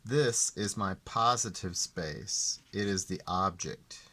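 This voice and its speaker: A man teaching art, explaining ideas slowly and deliberately and repeating the key terms. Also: sits low, bright, forceful tone, breathy edge. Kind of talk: classroom explanation.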